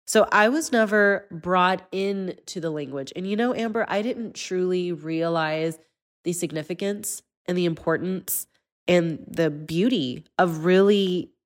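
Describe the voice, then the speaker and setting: A woman's voice: lowish voice, measured pace. A woman in her thirties hosting an interview podcast, talking earnestly and personally. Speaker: podcast host. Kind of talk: conversational interview.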